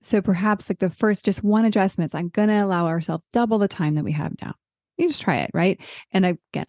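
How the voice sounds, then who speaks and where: A middle-aged woman leads a casual group call in a low, mellow voice. She sounds encouraging and chatty, and she thinks aloud as she talks. The sound is dry and close. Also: dry recording. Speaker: podcast host leading a group call.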